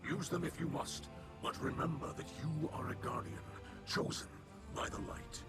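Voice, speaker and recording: An actor playing a solemn male mentor character in a video game, speaking gravely with measured words. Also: on the high side. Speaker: in-game character addressing the Guardian. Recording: game audio played on stream with music.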